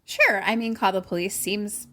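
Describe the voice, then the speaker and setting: A woman's voice: medium pitch, moderate pace, bright, forceful tone. A woman co-hosting a podcast, casually retelling a movie scene by scene with lots of fillers and acted-out quotes. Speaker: podcast co-host. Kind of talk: casual chat recapping a movie.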